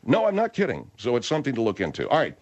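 A man's voice: medium pitch, wildly swooping pitch, racing, a little mellow, muffled recording. A man hosting a radio talk show, rambling and hesitant as he chats. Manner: rambling, hesitant, lots of restarts.

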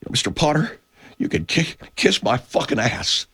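A man doing a high, drawling old-film hero. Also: sing-song, moderate pace, vocal fry, sharp tone, husky, heavily acted. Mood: defiant. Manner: cursing, strained high pleading.

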